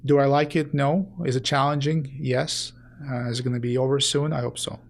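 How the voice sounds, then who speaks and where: A man who is a sports medicine doctor, appearing as a guest and speaking earnestly in a halting way with many fillers. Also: mid-range voice, little pitch movement, gravelly. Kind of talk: casual interview chat.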